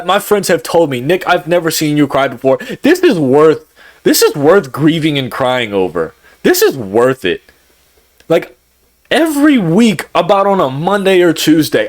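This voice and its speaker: A young man speaking emotionally to his vlog audience, repeating himself, heated at times and close to tears at others. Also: medium pitch. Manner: emotional, repetitive, swings between heated and subdued. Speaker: YouTuber.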